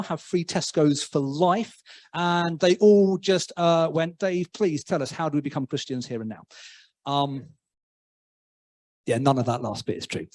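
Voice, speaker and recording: An English man gives a relaxed, conversational sermon in a church, with a slightly raised pitch. He tells stories with self-deprecating humor and stumbles through restarts before landing his point. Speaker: preacher.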